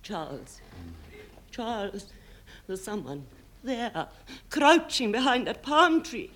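A woman's voice: high voice, animated, slow pace, a bit bright, exaggerated voice. A woman playing an overwrought genteel lady lover. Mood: alarmed. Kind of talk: parody romantic melodrama.

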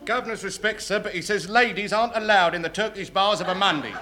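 A man playing a cheeky male messenger in a comedy sketch, delivering his line quickly and chirpily. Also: high voice, sharp tone, pitched above the performer's own voice.

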